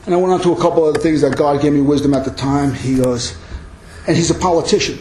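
A man's voice: a little high, fast talker, darkish tone, roomy sound, slight background noise, poor audio. A man preaching a sermon as pastor, earnest and emphatic.

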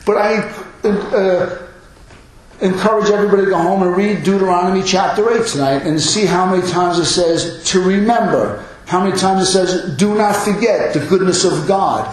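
A man's voice: high voice, moderate pace. A man in his fifties preaching a sermon in a church, earnest and emphatic, driving points home by repeating phrases. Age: 50s. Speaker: pastor. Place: church hall. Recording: very echoey room.

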